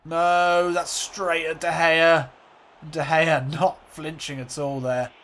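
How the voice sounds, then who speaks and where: A man hosting a let's play, calling a football game like a commentator, swinging between excitement and glumness. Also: fairly high pitch, takes it slowly.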